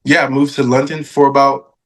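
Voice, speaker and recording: A man in his thirties, a podcast guest, telling stories in a casual, animated way, laughing often and acting out what people said. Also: medium pitch, brisk. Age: 30s. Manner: animated, laughing, acts out quoted voices. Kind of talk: casual storytelling interview.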